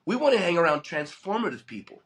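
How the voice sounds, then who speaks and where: A man's voice: fairly high pitch, big pitch swings, fast talker, a bit bright. A man hosting a motivational podcast monologue in a studio, with a nasal voice from a head cold, earnest and emphatic. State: has a head cold, coughing. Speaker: host.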